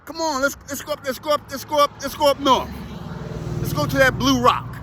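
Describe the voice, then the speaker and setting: A man who runs heavy equipment rambles to camera about the job, swearing and speaking emphatically outside by traffic. His voice is very high and fairly quick.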